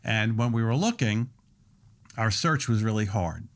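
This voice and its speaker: A man in his sixties speaks with a slightly low voice as a podcast guest. He explains things at length in a steady, detailed, conversational way, like a restaurant owner walking through how his business works. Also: measured pace. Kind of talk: podcast interview.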